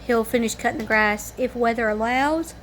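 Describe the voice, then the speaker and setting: Woman, tired, rambling homespun vlog chat, slightly high pitch. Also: normal speed, a bit bright, a little hiss or hum. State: tired and yawning. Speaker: family vlogger. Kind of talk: casual chat to camera. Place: at home in the evening.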